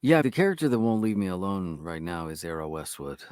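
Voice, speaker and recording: A man with a lowish voice speaks in a relaxed interview chat, recorded dry and close with little room sound. He talks like a storyteller, with an expressive and lively delivery. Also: fairly quick, smooth, no echo. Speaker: audiobook narrator guest.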